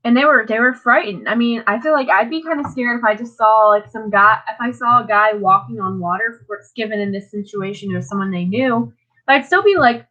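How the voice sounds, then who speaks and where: A woman's voice: a little high, a little fast, hardly any pauses, sharp tone. A tired teenage girl on a live stream, reading Bible passages and chatting about them casually, full of "like"s and restarts. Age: teens. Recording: dull lo-fi audio.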